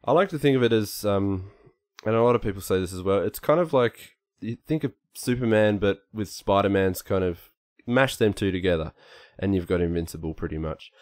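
Give me a low-pitched man chatting haltingly on a podcast. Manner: halting, many restarts and fillers. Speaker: podcast co-host, artist. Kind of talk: casual podcast chat.

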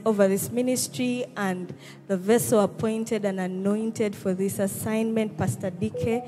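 A woman hosting a church service, rousing the congregation with calls and responses. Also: medium pitch. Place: church hall with live congregation. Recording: church service with music behind. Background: music.

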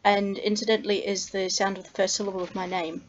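Talking fast with a medium pitch that barely moves, a young Australian woman explains letter sounds to camera as a language tutor. She demonstrates each sound carefully amid frequent ums, captured on a slightly muffled lo-fi recording.

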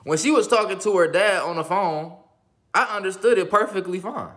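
A man's voice: sits high, normal speed, fairly bright tone. A man hosting a reaction video, giving blunt, profane, casual commentary and often asking "you feel me".

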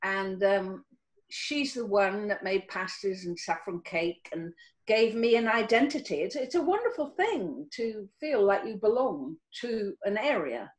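Lively older woman telling stories on a call. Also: measured pace, poor audio. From Cornwall, England. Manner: warm storytelling with lively pitch, many restarts. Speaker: actress guest. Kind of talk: casual interview over video call. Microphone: video call.

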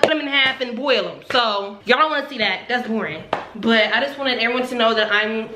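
A young woman vlogging casually while she cooks at home, chatty and self-mocking, with dramatic asides. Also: high voice. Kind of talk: casual cooking vlog chat. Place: home kitchen. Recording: echoey kitchen with noise.

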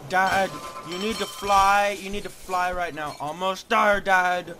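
A man voicing a whiny, excitable young son who keeps calling out for his dad, on a noisy home recording. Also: high-pitched, measured pace.

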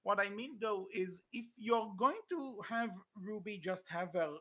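A podcast co-host in casual chat, talking in halting bursts full of fillers and restarts. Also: medium pitch, fairly bright tone.

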